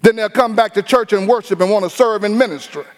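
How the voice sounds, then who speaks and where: A high-voiced man preaches with energy, slipping into the voices of the people he describes. His easygoing church talk rings through a long, echoing hall. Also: quick pace. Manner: animated preaching with acted-out quotes. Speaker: pastor. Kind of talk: sermon.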